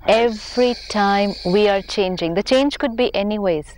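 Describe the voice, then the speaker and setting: Indian woman, spiritual teacher, calm explanatory conversational delivery. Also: medium pitch, moderate pace. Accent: Indian English. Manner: patient, explanatory, gently emphatic.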